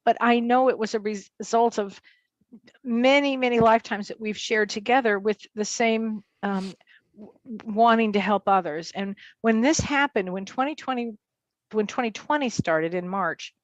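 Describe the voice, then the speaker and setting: A woman co-hosting a show, speaking earnestly about astrology and spiritual awakening in an unhurried, conversational way. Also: medium pitch, dry recording. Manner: earnest, unhurried, with frequent affirming murmurs. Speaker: co-host and spiritual medium. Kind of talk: casual spiritual chat.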